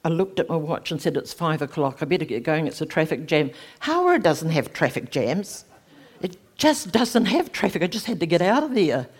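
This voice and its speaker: A middle-aged woman, giving a personal faith testimony in animated storytelling, her voice leaping high at emotional moments. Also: normal speed, slightly rough. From New Zealand. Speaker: speaker sharing a testimony.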